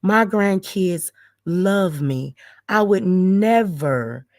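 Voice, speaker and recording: Middle-aged woman host, slow and emphatic, repeating her vows, close and dry sound. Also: lowish voice, animated, a little mellow, no echo. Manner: emphatic, repetitive, vowing and declaring. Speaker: channel host. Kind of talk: emotional direct-to-camera monologue.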